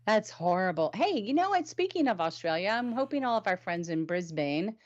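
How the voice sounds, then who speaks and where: A woman's voice: medium pitch, brisk. Chatty woman host, lo-fi sound. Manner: animated and chatty. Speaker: show host. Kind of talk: casual weekly review chat.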